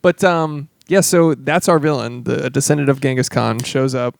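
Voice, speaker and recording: A man's voice: mid-range voice, fairly even intonation, moderate pace, vocal fry, dry recording. A man co-hosting a casual movie podcast, laid-back and swearing casually as he laughs. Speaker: podcast co-host.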